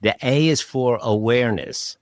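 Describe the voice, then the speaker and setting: A man hosting a podcast interview, talking in a relaxed, rambling way with plenty of fillers and restarts. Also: mid-range voice, moderate pace, no echo, clean studio sound. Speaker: podcast host. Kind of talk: casual interview chat.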